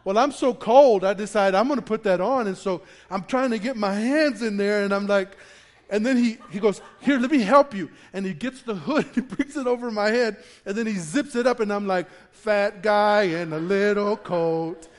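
Male pastor, high tenor, animated storyteller delivering a sermon to his church. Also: a little fast. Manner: animated storyteller, acts out quotes with laughter. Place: church in front of a congregation.

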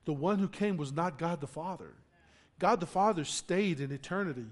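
A pastor with a notably high voice delivers his sermon with emphasis. He climbs into loud declarations, then drops low to explain, repeating words as he goes. He often turns to the congregation with questions. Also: normal speed. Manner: emphatic preaching, rising loud on key phrases, dropping low to explain.

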